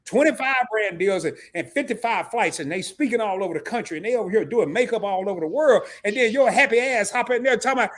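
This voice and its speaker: A man hosting a casual live stream chat, talking in an animated, slangy way with lots of laughter. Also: high voice, quick pace, few pauses.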